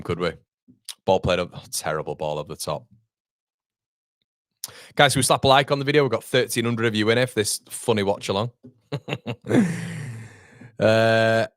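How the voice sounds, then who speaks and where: Low-voiced fan hosting a watchalong. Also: male voice, a bit bright, dry recording, clean studio sound. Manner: chatty, blunt, swears freely. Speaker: fan channel host. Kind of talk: live match watchalong commentary.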